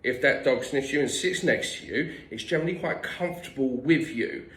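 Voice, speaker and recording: A man's voice: mid-range voice, expressive, moderate pace, a bit bright, reverberant, poor audio. A man working as a dog trainer, giving blunt, no-nonsense instructions with the odd swear word. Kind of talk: direct instructional tips.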